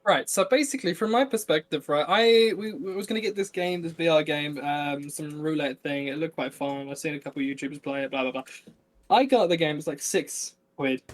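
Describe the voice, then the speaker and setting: Young man rambling with a slightly high voice. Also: fairly quick. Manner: rambling, self-interrupting, many fillers and restarts. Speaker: podcast co-host. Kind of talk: casual chat.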